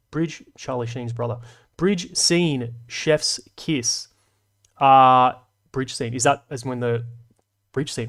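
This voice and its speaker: Man, streamer host, loose rambly chat, fillers, mid-pitched voice. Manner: rambling, self-deprecating, full of fillers. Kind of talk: casual live stream chat.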